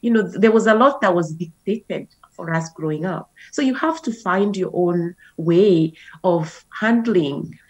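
A woman's voice: lowish voice, unhurried, breathy edge, low-quality recording. A woman guest on a talk show, speaking in a conversational way with a lot of "you know" fillers.

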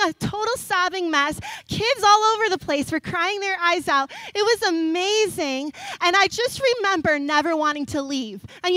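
A young adult woman, a kids' pastor, telling stories in a lively sermon. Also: high-pitched, low-quality recording. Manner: animated storytelling, laughs often. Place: church stage.

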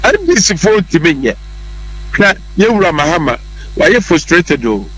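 This Ghanaian commentator argues politics on a talk show, emphatic and repetitive, blending in English words. His sing-song voice is on the high side and a bit bright, delivered at a moderate pace on a low-quality recording.

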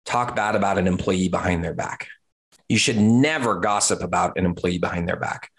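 A man's voice: low-pitched, normal speed. A man in his thirties, an agency owner, giving blunt business advice straight to camera, swearing casually and repeating words for emphasis. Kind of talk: direct-to-camera business talk.

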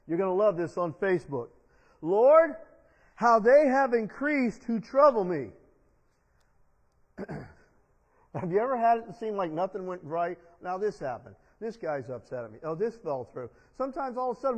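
High-voiced preacher man in a reverberant church. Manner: call-and-response preaching with the congregation. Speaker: pastor. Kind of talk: sermon. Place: church sanctuary. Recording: dull long-reverb church sound.

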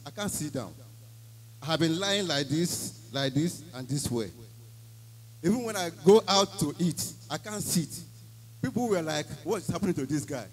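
A man's voice: a little high, expressive, moderate pace, a little hiss or hum, low-quality recording. A man with a Nigerian accent giving an emphatic church testimony, slipping into Pidgin phrases as he tells his story.

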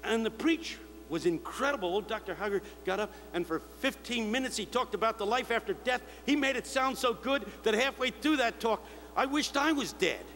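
Older guy preaching, high bright voice, booming hall w/ a little hum. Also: lively intonation, moderate pace. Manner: storytelling, mimicking shouts of others. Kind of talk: sermon. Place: large convention hall. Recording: echoey hall with faint hum.

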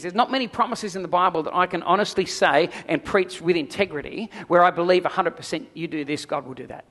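A man's voice: high-pitched, a bit bright. A middle-aged man preaching a sermon as pastor, emphatic, with repeated phrases and prayerful asides.

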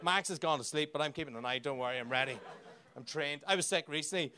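A man's voice: on the high side, fast talker, background noise. An Irish man performing a profane, brash stand-up comedy set on a club stage, bantering with the crowd. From Ireland.

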